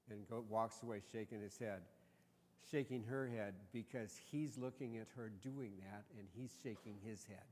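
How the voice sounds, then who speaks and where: A man's voice: mid-range voice, moderate pace, darkish tone, a little hiss or hum. A man preaching a sermon as a pastor, telling the story in a joking, conversational way. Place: church sanctuary. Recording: reverberant church sanctuary.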